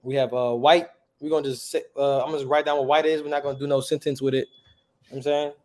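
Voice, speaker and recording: A man's voice: mid-range voice, little pitch movement, fast talker, darkish tone. A man teaching a class in a casual, slangy way, often checking with the students by asking "right?". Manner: slangy, conversational.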